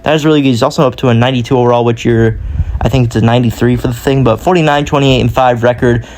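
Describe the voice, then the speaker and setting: A man's voice: mid-range voice, steady tone, very fast, darkish tone, a little hiss or hum. A young man talking through a hockey sim career in casual commentary, rambling and often correcting himself mid-sentence. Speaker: gaming YouTuber.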